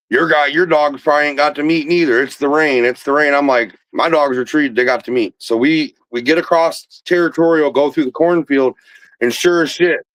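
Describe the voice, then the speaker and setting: A man's voice: a little high, dry recording, low-quality recording. A man hosting a podcast, telling a rambling, profane hunting story with laughs, in a casual chat. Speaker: podcast host.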